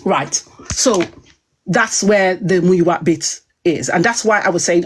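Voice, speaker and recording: A woman's voice: mid-range voice, normal speed. A woman giving a heated personal monologue on a live stream, emphatic and repetitive, restarting her sentences. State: upset.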